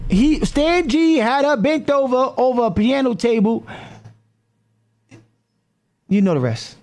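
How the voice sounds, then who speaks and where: A man with a very high voice, reacting live to a clip on his stream. His pitch jumps all over the place. He repeats himself, keeps calling out to people and riffs loudly. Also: animated, slow, pauses often, slight background noise.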